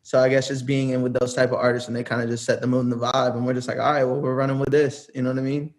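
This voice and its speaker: A man's voice: mid-range voice, little pitch movement, rapid-fire, a little mellow. A young man, a music producer, chatting casually as an interview guest, rambling with lots of fillers and easy laughs. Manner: laid-back, rambling, laughs often, many "like"s.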